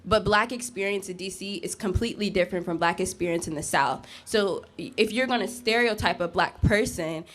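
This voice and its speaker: A woman's voice: medium pitch, brisk, hardly any pauses, a bit bright. A woman in the audience of a campus debate, earnestly giving her view at the microphone and agreeing readily. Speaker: audience questioner. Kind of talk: debate Q&A at a mic.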